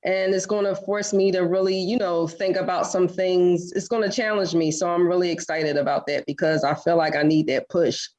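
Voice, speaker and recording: A soft-spoken woman talks earnestly on a video call. Her voice is fairly low for a woman. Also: steady tone, moderate pace, few pauses, poor audio. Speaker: prize winner on a video call. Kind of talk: casual chat.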